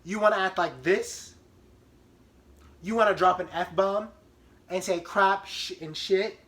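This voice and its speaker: A man voicing his angry, heavy-handed older sister, scolding in a drawn-out, incredulous way. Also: high voice, a bit bright.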